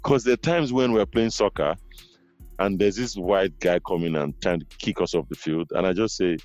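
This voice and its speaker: A man hosting a casual podcast conversation, telling stories in an animated way with many asides. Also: low voice, moderate pace, no echo, lo-fi sound, faint music behind. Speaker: podcast host.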